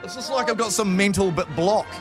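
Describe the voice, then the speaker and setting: A man's voice: sits high, fairly quick, music in the background. A man hosting breakfast radio in a studio, flustered, laughing and stumbling over his words. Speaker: radio show host.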